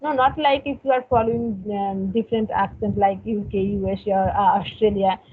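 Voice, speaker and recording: Woman, halting casual chat, phone-like sound, faint background noise. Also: mid-range voice, steady tone. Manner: halting, many fillers and repeated words. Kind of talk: casual conversation practice.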